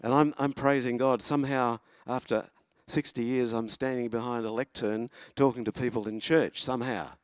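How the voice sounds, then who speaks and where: A man, preaching a sermon from a church lectern in an earnest, encouraging way, pausing and restarting as he goes. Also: mid-range voice, steady tone, dry recording, studio quality. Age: 70s.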